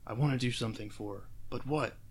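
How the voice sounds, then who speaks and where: A man's voice: medium pitch, fast, gravelly, husky. A man voicing a fussy, pompous male clock from a cartoon, muttering dryly.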